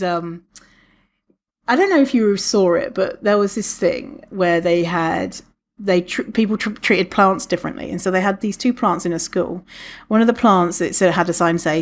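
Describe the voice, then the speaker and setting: A woman hosting a podcast alone, chatting casually, swearing freely and laughing often, with many restarts. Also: normal speed. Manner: animated, lots of restarts, acts out quotes in a higher voice. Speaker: podcast host. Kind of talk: casual solo podcast talk.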